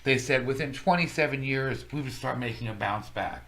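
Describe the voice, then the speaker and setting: A man's voice: medium pitch, normal speed, a bit bright. A man co-hosting a casual talk show, wryly explaining figures from a study. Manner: wry, explains study results. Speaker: podcast co-host. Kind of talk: casual chat.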